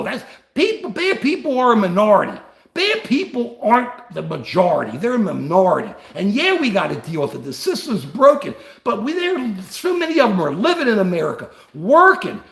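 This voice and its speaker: A man's voice: very high-pitched, a bit bright, reverberant. An older man hosting a live stream, talking politics and answering viewer comments with passion. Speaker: livestream host.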